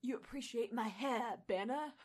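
A woman reading the lines of a tender, courtly male thunder god, soft and earnest. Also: on the high side, normal speed, close to an everyday voice. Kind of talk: fan fiction read aloud.

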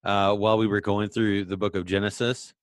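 A man's voice: lowish voice, little pitch movement, brisk. A man co-hosting a casual podcast, laid-back, with a dry sense of humor, on a cheap mic. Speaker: podcast co-host. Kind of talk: casual chat. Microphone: cheap budget mic.

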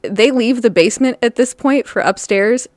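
A woman's voice: fairly high pitch, normal speed, a little mellow, dry recording, clean studio sound. A woman co-hosting a podcast, casually retelling a story and laughing often as she goes. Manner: laughs often while recounting. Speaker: podcast co-host.

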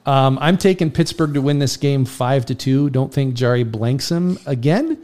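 A man's voice: medium pitch, expressive, moderate pace, a little mellow. A middle-aged man hosting a casual hockey picks chat, running through each game in a laid-back way. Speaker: host.

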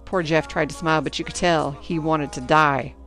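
A woman narrating a first-person storybook in an expressive, anxious telling. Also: low voice, moderate pace, faint music behind. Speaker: audiobook narrator.

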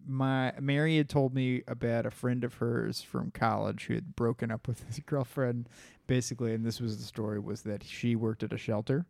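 A man's voice: mid-range voice, steady tone, moderate pace, vocal fry, a little mellow, no echo. A man co-hosting a podcast, chatting casually and telling stories with an easygoing, laughing manner. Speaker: podcast co-host. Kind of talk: casual chat.

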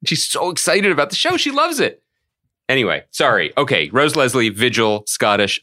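A man co-hosting a casual pop-culture podcast, riffing through long comic stories. His voice is bright and forceful and swings widely in pitch as he gets into each bit. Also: moderate pace. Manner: animated storyteller, jokey riffs. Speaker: podcast co-host.

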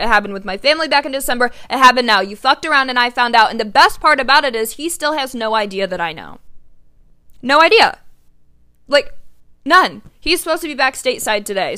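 Bright-voiced young woman telling a story. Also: fairly high pitch, clear, resonant tone. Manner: emphatic, swears often, lots of "like". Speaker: podcast host. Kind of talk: casual storytelling.

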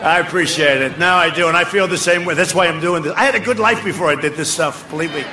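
An older man giving a boastful, rambling campaign rally speech outdoors, ad-libbing to the crowd and often shouting. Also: on the high side, fast. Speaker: political speaker at a rally. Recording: speech over a faint crowd and noisy ambience.

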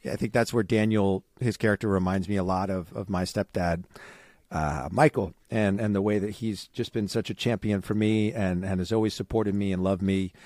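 Earnest male podcast co-host, lowish voice. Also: fairly even intonation, a little mellow, no room sound, studio quality. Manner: earnest, halting with many restarts. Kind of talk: casual chat.

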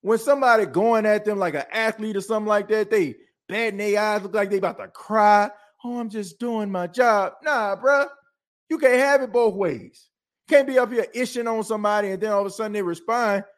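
A podcast host in a fired-up sports talk rant, animated and preachy, calling his listeners folks. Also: sits high, brisk.

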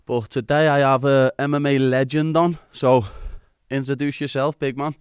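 A man with a Scouse accent hosts in a chatty, informal way. His voice is smooth and clean, recorded dry and close, with nothing of the room around it. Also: mid-range voice, little pitch movement, normal speed, no echo. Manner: chatty, informal, uses "lad". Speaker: podcast host. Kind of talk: casual interview chat.

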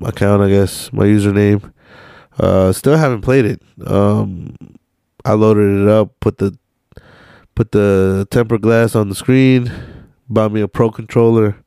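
A young man with a fairly low, smooth voice hosts a solo podcast. He rambles in a casual, slangy way and swears nearly every line. The sound is dry and close. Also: a little mellow, no room sound. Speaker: podcast host.

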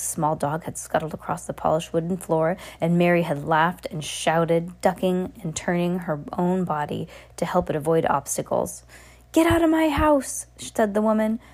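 A woman narrating an audiobook in a steady reading voice with small restarts. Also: on the low side, normal speed.

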